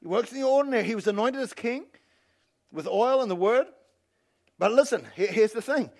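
A male pastor giving an animated sermon and calling on the congregation to respond. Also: very high voice, fairly quick. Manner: animated preaching, calls on the congregation.

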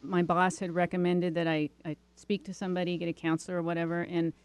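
A woman's voice: fairly low pitch, flat delivery, quick pace, darkish tone, no echo. Chatty woman with a dry, close sound. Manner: chatty, with many fillers and restarts. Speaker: interview guest. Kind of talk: casual storytelling.

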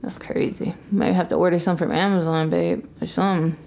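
Low-voiced young woman, teasing chat. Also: fairly even intonation, a little fast, creaky, dark tone. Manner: laid-back, teasing, poses scenarios. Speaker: podcast co-host. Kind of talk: casual couple podcast chat.

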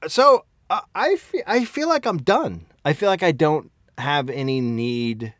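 A man co-hosting a podcast, telling stories in profane, animated casual chat. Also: a little high, a little slow, no room sound, clean studio sound. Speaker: podcast co-host.

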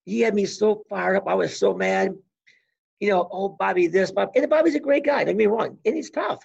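An older man in his sixties with a deeply gravelly, husky voice recounts his wrestling days with animated energy, slipping into the voices of the people in his stories. He sits slightly high for a man, and the recording sounds dull and lo-fi. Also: a little fast. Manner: animated storyteller who acts out past conversations. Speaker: guest, former college wrestler. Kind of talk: casual storytelling interview.

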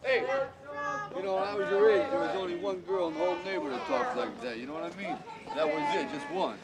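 An actor playing a streetwise boxer who lectures a young girl in rough, mumbled street slang, in a film clip. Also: high voice, quick pace, a loud crowd, close to an everyday voice. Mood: lecturing. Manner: rambling fatherly lecturing. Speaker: film character.

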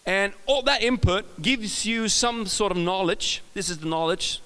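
Chatty Swedish-accented preacher, high voice. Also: male voice, measured pace, pushed and bright, clear, resonant tone, long reverb tail. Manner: chatty, self-correcting, jokes with the audience. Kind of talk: casual sermon.

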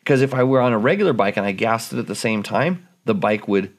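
A man's voice: lowish voice, lively intonation, fast talker. A man in casual chat, reviewing a dirt bike in technical detail with frequent restarts.

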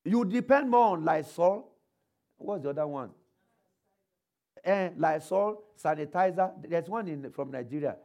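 A male preacher whose voice is on the high side, with lively intonation and vocal fry, quotes scripture during his sermon. He asks the congregation rhetorical questions and calls for responses, using shifts in pace and loudness for emphasis.

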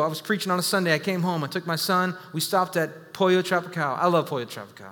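Pastor guy preaching, bright punchy voice, joking around, big echoey church hall. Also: high voice, quick pace, few pauses. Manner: animated storytelling with self-deprecating humor and sudden bursts. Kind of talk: sermon.

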